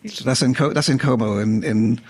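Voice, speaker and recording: A man joining an interview, speaking in halting phrases that he restarts. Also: mid-range voice, darkish tone. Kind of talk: interview chat.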